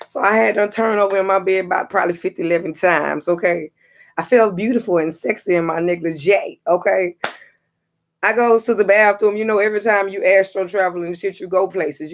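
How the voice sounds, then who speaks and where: Profane, animated storytelling woman. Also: lowish voice. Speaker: psychic reader and vlogger. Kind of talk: casual storytelling vlog.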